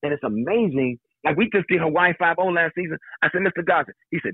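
Husky older man on a phone line. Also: fairly high pitch, quick pace, dry recording. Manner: animated, joking storyteller. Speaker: actor, guest. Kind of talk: casual interview chat.

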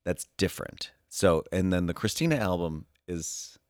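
A man's voice: deep voice, normal speed, no room sound, clean studio sound. A man co-hosting a comedy podcast, teasing and mock-indignant in casual banter. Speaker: podcast co-host.

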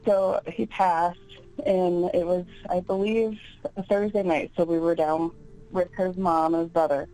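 A woman with a low, mellow voice calls in to a show and tells a long story. She speaks earnestly and fills her sentences with "like", with faint music under her voice. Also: fairly even intonation, a little slow, rough recording. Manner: earnest, chatty storytelling with many "like"s. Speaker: caller. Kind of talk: phone-in storytelling.

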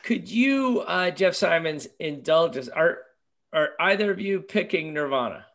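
A man hosts an unhurried conversation, thinking out loud as he sets up questions for his guests. His voice sits a touch high, and he takes his time. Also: lively intonation, vocal fry. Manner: leading questions, musing. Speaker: podcast host. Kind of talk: casual discussion.

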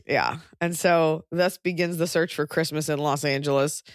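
A pregnant woman hosting a podcast, talking in casual chat with wry, deadpan jokey rants. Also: low-pitched, normal speed, no room sound, studio quality. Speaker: podcast host and touring comedian.

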